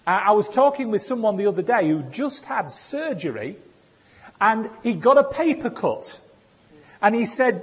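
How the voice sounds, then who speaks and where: A man's voice: high voice, big pitch swings, normal speed, breathy edge. A man giving a sermon in a conversational way, with self-deprecating humor. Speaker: preacher. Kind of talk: sermon with personal stories. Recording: echoey hall.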